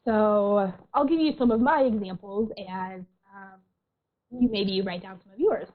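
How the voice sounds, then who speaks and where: A woman counselor giving an online workshop in a gentle, reassuring way, often clearing a tickle from her throat. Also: mid-range voice, a little slow. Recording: tinny phone-like audio.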